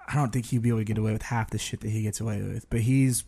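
A man's voice: lowish voice, steady tone, very fast, creaky, mellow, husky. A young man hosting a podcast in casual chat, slangy and laid-back, saying "bro" a lot. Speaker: podcast host.

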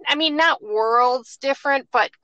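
A woman distiller, a podcast guest, explaining in a relaxed way with lots of fillers. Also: high voice, measured pace, no echo, dull audio. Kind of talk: conversational interview answers.

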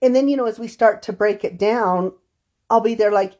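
A woman's voice: on the high side, normal speed, a little mellow. A woman therapist co-hosting a podcast conversation, telling stories from her sessions and acting out the quoted dialogue. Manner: storytelling, acts out quoted dialogue. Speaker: therapist co-host.

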